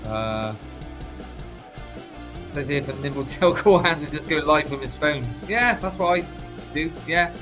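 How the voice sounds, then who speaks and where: A man's voice: fairly high pitch, animated, unhurried, long pauses, over music. An English man in a casual livestream chat, greeting viewers by name and laughing often. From England.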